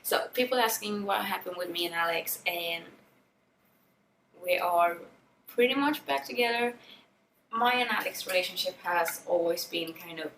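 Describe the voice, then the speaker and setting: A woman's voice: fairly low pitch, moderate pace, vocal fry, a bit bright, reverberant, recorded from a distance, slight background noise, rough recording. Young Swedish-accented woman chatting casually. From Sweden. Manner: casual, frank, swears freely, laughs often. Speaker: beauty vlogger. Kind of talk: chatty get-ready-with-me vlog. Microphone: camera-mounted mic, a little far.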